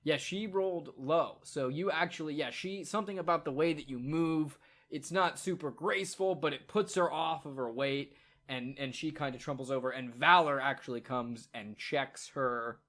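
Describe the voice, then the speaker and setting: A man narrating a tabletop game as game master, in a casual, halting way with many fillers. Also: a little high, a bit bright.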